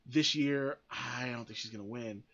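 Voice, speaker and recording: A man's voice: medium pitch, normal speed, fairly bright tone, highs cut off. A man hosting a podcast, giving blunt, opinionated commentary that rambles with frequent restarts and free swearing. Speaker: podcast host.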